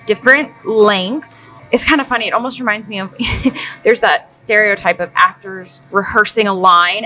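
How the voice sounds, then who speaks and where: A woman co-hosting a casual album review chat in a working brewery, enthusiastic and quick to laugh. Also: medium pitch, pushed and bright, low-quality recording. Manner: enthusiastic, playful, laughs easily. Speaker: podcast co-host.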